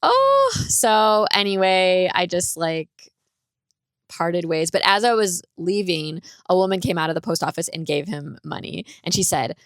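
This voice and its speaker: On her podcast, a woman with a lowish voice and fairly even intonation recounts a personal story at a moderate pace. She's chatty and rambling, leaning heavily on "like," and the studio-quality recording has no echo.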